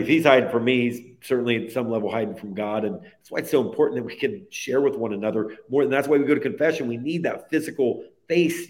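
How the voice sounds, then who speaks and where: A man's voice: medium pitch, a little mellow. A man speaking as a guest in a podcast interview, telling a personal faith story in an earnest, heartfelt way that stacks phrases one onto the next.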